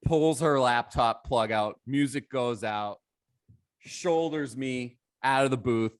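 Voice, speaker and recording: A man telling a story on a podcast with lively quoted dialogue and frequent swearing. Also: mid-range voice, takes it slowly, clean tone, dry recording, clean studio sound. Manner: animated, acts out quotes, swears freely. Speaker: DJ guest. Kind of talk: casual storytelling.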